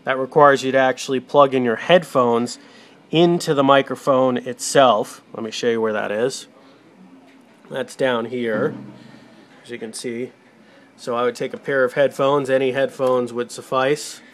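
A man's voice: medium pitch, fairly even intonation, a little slow. Man giving step-by-step computer setup instructions. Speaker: tutorial presenter for a radio show. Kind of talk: casual screen-recorded tech tutorial. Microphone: desktop USB microphone, moving toward and away from it.

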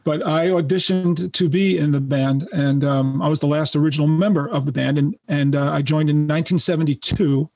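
A man's voice: fairly high pitch, steady tone, fairly quick, hardly any pauses, a little mellow, no room sound. A man in his sixties with a New York accent, a guest musician telling brash, profane stories in a casual interview. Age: 60s.

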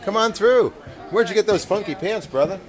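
Male roving host at a packed Halloween event, upbeat and playful with kids, lively pitch, noisy crowd behind. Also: brisk. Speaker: roving host greeting trick-or-treaters. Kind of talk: on-the-spot event coverage. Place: busy theatre at a Halloween event.

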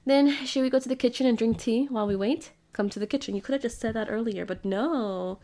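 Playful, giggly woman gamer, higher voice. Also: quick pace, heavy background noise. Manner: playful, giggly, reads character lines in her own voice. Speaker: gaming streamer. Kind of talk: casual let's-play commentary, reading game dialogue aloud.

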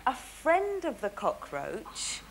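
A dreamy, slow-talking girlfriend. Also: high-pitched, huge pitch swings, gravelly, exaggerated voice. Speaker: sitcom girlfriend. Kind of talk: comic dialogue. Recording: hissy TV broadcast recording.

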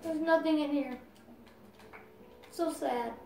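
High-voiced woman narrating her gameplay. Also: slow pace, vocal fry, recorded from a distance, a little hiss or hum. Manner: talks to viewers while playing, exclaims loudly at setbacks. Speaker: gaming video creator. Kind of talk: casual gameplay commentary. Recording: roomy sound, voice off-mic, music behind.

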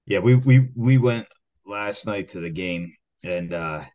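A man's voice: fairly low pitch, a little slow. A man co-hosting a podcast, cracking jokes and teasing his friend in casual banter. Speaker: podcast co-host. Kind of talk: casual chat. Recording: dull lo-fi recording.

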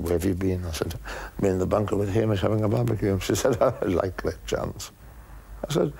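A man playing an eccentric, boastful Scottish golf coach with a Scottish accent, rambling deadpan through his memories in a comic monologue. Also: deep voice, creaky, husky, exaggerated voice. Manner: deadpan rambling reminiscence with dry asides.

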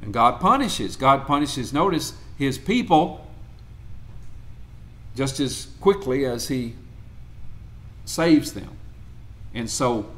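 A man's voice: medium pitch, fairly bright tone. Earnest male preacher reading scripture. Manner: earnest, measured, reads scripture with emphasis. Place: church.

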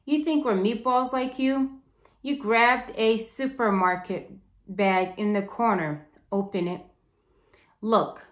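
A storybook scamp, a bossy eight-year-old boy who sneers and growls at everyone, as a woman reading aloud puts him on. His voice jumps up high and loud, and it rings in a roomy space. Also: takes it slowly. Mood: taunting. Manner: taunting, growling.

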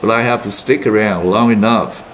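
A man reading aloud and voicing an irritable, conceited teenage boy roommate who swears gruffly. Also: lowish voice, normal speed, a little hiss or hum, close to an everyday voice, rough recording. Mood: dismissive. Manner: gruff, swearing, exasperated retorts.

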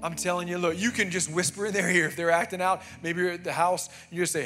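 A man's voice: high-pitched, fairly even intonation, fast talker, few pauses, a bit bright, soft background music. Emphatic man preaching a sermon. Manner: emphatic, conversational preaching with frequent "amen" and "man". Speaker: pastor. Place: church sanctuary.

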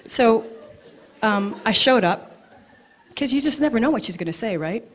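A middle-aged woman telling personal stories at a live event, animated and acting out both sides of her conversations. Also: on the high side, moderate pace. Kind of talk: live storytelling talk. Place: event venue, audience present.

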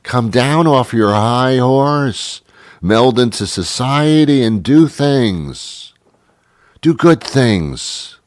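A man's voice: mid-range voice, no room sound. Rambling male talk show host, dry sound. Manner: musing, repetitive, stammers on restarts. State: has a cold. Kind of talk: rambling monologue.

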